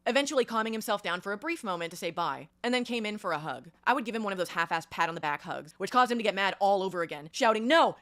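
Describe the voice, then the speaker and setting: Fast-reading woman with a lower voice. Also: a bit bright. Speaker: reader of a written statement. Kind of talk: reading a statement aloud.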